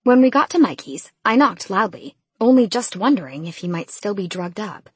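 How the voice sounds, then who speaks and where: A woman reading a novel aloud in first person, in a brisk, casual way. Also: mid-range voice, big pitch swings, husky, no echo. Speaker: audiobook narrator.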